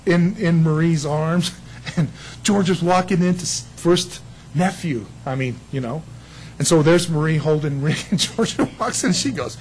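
A man's voice: a little high, darkish tone, slight background noise, rough recording. A man preaching a sermon, telling stories with laughter and acted-out quotes. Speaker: pastor.

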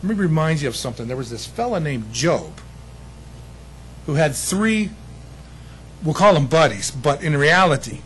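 A man preaching a sermon as pastor, animated, acting out other people's voices with self-deprecating humor. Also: fairly high pitch, moderate pace, long pauses, slightly rough, rough recording.

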